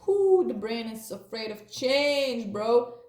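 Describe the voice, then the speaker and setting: A woman's voice: fairly high pitch, animated, takes it slowly, a little mellow, roomy sound. A woman giving a casual spiritual reading, rambling and laughing, dropping slang like "bruh" and "eh". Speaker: tarot reader.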